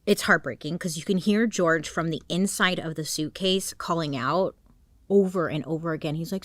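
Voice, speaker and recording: A woman's voice: fairly low pitch, normal speed, no echo. A woman telling a true crime story in a casual, slangy way, often dropping into dramatic whispers.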